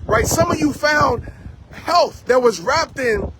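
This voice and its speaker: A man's voice: extremely high pitch, animated, slow, background noise. A man giving an intense, emphatic motivational talk to a live chat outdoors, repeating his key lines like a preacher. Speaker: motivational speaker. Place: outdoors after a trail run.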